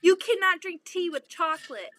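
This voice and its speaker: A woman's voice: extremely high pitch, moderate pace, fairly bright tone, dry recording. A young woman co-hosting a casual chat, teasing and laughing, with mock-dramatic groans.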